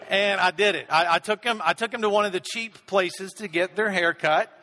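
A middle-aged pastor preaching with a high, bright voice that rings out in the long reverb of a big hall. He tells a self-deprecating story in a relaxed, chatty way. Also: normal speed. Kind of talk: storytelling sermon.

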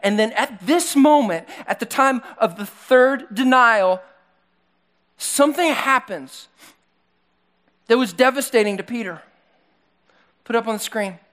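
A male pastor preaching a sermon in a church hall, retelling a story with animated, acted-out voices. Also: extremely high pitch, measured pace, long pauses. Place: church hall with slides on a screen.

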